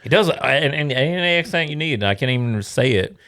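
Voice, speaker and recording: A man's voice: mid-range voice, expressive, fairly quick, fairly bright tone. A man co-hosting a casual podcast, blunt and offhand, swearing as he talks. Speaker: podcast co-host. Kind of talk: casual drinking chat.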